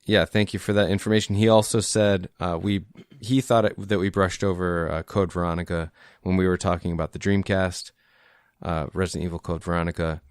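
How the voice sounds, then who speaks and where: A man's voice: low-pitched, steady tone, a little fast, clean tone, no room sound, clean studio sound. A man co-hosting a casual podcast chat, easygoing and agreeable, a little tipsy. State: tipsy from drinking. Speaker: podcast co-host.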